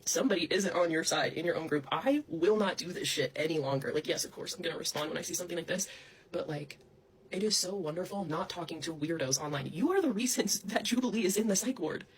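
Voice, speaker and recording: A woman's voice: on the low side, fast, slightly rough. A young adult woman delivering an angry, profane, accusatory rant straight to camera. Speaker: online personality.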